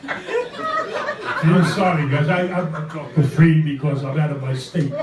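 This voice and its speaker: An older man jokes brashly and swears freely from a stage. His voice sits high and swings widely in pitch. He is heard from across an echoey room, over a crowd. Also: big pitch swings, takes it slowly. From Brooklyn, New York. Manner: brash, profane, teasing. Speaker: former ballplayer guest. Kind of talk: joking banter on stage. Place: club event room with audience. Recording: roomy hall, distant mic, crowd.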